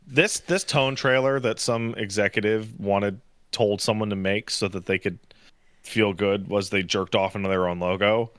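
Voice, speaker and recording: A man's voice: on the low side, steady tone, normal speed, a bit bright, dry recording, studio quality. A man in his thirties co-hosting a casual podcast, ranting with profane exasperation. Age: 30s. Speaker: podcast co-host. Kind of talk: casual chat.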